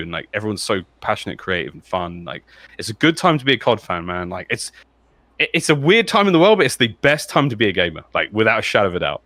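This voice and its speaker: A man, an esports caster, chatting in an excitable, rambling way with lots of fillers. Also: fairly low pitch, fast, no room sound. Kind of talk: casual chat.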